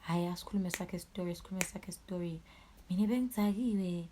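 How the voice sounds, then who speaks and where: Low-voiced angry Swazi woman. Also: a little fast, a little hiss or hum. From Eswatini. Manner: angry, animated, swears a lot, switches into siSwati. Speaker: YouTuber. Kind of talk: storytime vlog.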